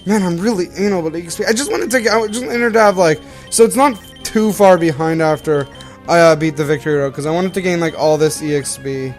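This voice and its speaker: Talking fast in a fairly high voice, a young man from Canada hosts a gameplay video with faint music behind him. He rambles casually and keeps revising what he just said.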